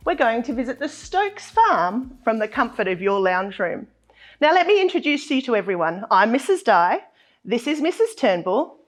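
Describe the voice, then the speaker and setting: A woman teacher speaks to small children in a high voice. Her talk is exaggerated and sing-song, climbing and dipping with lively swings. She sounds encouraging throughout. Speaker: early childhood teacher hosting a preschool morning.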